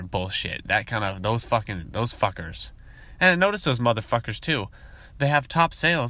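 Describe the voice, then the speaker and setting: A man hosting a podcast, talking in a casual, rambling monologue full of profanity, and sometimes mimicking coworkers in high voices. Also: animated, moderate pace, long pauses, sharp tone. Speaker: podcast host.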